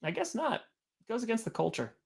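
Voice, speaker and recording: This man's voice is extremely high-pitched, gravelly and a bit rough, and he talks fast. Hosting a live stream, he calls plays and spins a rambling story, an animated, chatty narrator who says "like" constantly in this casual game commentary.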